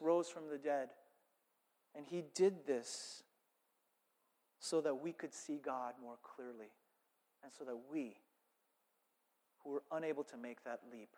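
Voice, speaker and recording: A male pastor preaching a sermon with rising fervor and repeated phrases. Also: on the high side. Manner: impassioned, builds to loud preaching with repeated phrases. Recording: long reverb of a worship hall.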